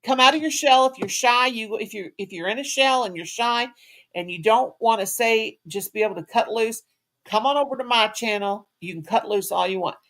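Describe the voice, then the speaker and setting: A woman's voice: a little high, a little fast, fairly bright tone. A woman hosting a casual live chat, rambling in a folksy way and calling people "sugar" and "honey.". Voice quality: folksy, rambling talk with Southern-style endearments. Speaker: channel host.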